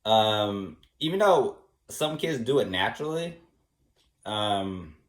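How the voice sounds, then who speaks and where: A man in a casual rambling monologue who shrugs things off in soft, dismissive replies. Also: fairly low pitch, animated, takes it slowly. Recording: roomy echo.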